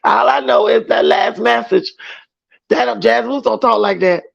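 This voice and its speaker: A man's voice: very high voice, measured pace, gravelly. A man hosting a livestream, chatting emphatically with his viewers and reading their comments aloud. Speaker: livestream host. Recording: dull lo-fi stream audio.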